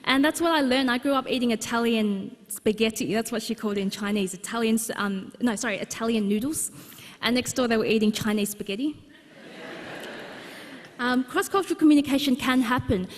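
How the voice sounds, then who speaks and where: Woman, higher voice, funny storytelling talk, long hall reverb. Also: brisk. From Australia. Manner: humorous, anecdotal, frequent fillers. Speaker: speaker at a book launch. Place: large exhibition hall, live audience.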